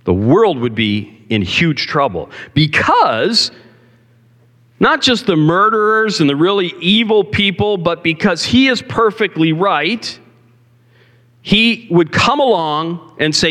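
A man's voice: high voice, sing-song, slow, a bit bright. A male pastor preaching a sermon in a church, talking conversationally and asking the congregation questions. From Canada. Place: church sanctuary. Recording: long hall reverb.

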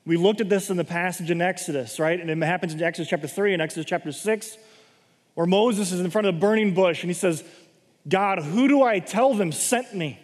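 A high-pitched man leads a conversational Bible teaching, reading passages and unpacking them in plain terms. He keeps checking in with his listeners as he explains. His voice rings out with a long reverb, as in a large hall. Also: fairly even intonation, fast talker. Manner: explains scripture plainly, often checking in with "okay?".

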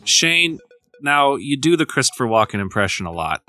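A man's voice: mid-range voice, sing-song, normal speed, sharp tone, faint music behind. A man co-hosting a gaming podcast, chatting casually and teasing dryly. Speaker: podcast co-host.

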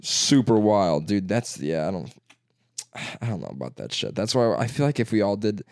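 A man's voice: fairly low pitch, very animated, moderate pace, a little mellow, no room sound, studio quality. A man with a Chicago accent telling rambling, profane stories in casual chat, laughing often.

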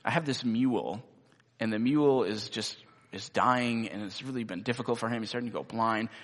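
A man playing a sad older rancher asking a favor in soft, halting words, with hall reverb. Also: mid-range voice, natural voice. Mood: pleading.

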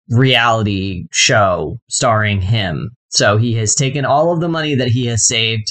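A man with a mid-range voice recapping a TV show for a podcast. He talks in a relaxed, unhurried way, full of "um" and "like.". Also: medium pitch. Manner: relaxed, summarizing, filler-heavy. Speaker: podcast co-host. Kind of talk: casual chat and show recap.

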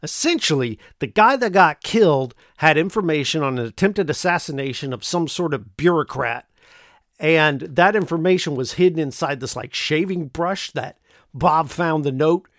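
A man's voice: fairly high pitch, lively intonation, normal speed, fairly bright tone, no room sound, clean studio sound. A man casually retelling a film plot, rambling and joking with lots of fillers. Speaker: podcast host recapping a film. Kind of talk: casual chat.

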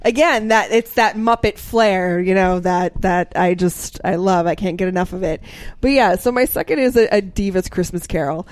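A woman's voice: lowish voice, moderate pace, a little mellow, no echo. A woman co-hosting a podcast in casual chat, chatty and full of restarts. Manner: chatty, with many restarts and laughs. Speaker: podcast co-host.

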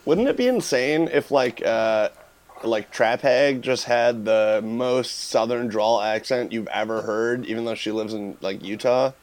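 A young man who is a guest on a casual podcast, talking quick-witted and teasing. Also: medium pitch.

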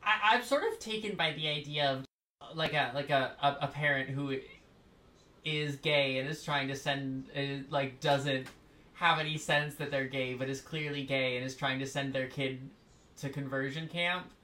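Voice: medium pitch, fairly even intonation, moderate pace, sharp tone. A podcast co-host in casual chat, speaking thoughtfully and hesitantly, with many fillers and restarts.

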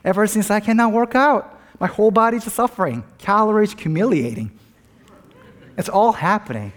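Man pastor, sermon, earnest and animated, fairly high voice. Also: a little fast. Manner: earnest, animated preaching with personal anecdotes.

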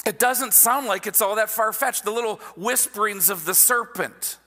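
A man preaching a sermon in an animated, conversational way, often checking in with his listeners. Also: sits high, normal speed, in a large hall. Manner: animated, conversational, asks the audience "right?". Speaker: pastor.

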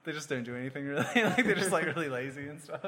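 Chatty young man, fast and bright. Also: a little high, expressive. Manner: rambling with many fillers. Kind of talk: casual chat.

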